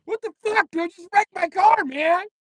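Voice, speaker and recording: A man voicing a young man yelling in shrill outrage after going through a windshield. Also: moderate pace, no echo, studio quality, far from the mic. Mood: outraged.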